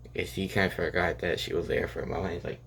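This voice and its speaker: A young man casually narrating an improvised fan story, rambling and halting with many fillers and restarts. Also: low voice, level tone, creaky, fairly bright tone, a little hiss or hum.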